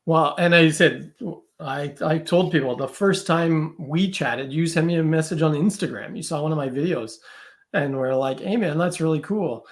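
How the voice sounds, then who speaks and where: A man with a higher-set speaking voice talks as a guest on a podcast. He is loose and chatty, often checking in with "right?" and "like." His delivery is easygoing and conversational. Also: moderate pace. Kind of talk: casual conversational interview.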